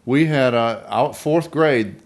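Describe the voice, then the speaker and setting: A man's voice: mid-range voice, slow pace. A man in his fifties with a mild Southern accent, co-hosting a casual podcast chat and telling easygoing stories. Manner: easygoing storyteller. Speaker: podcast co-host.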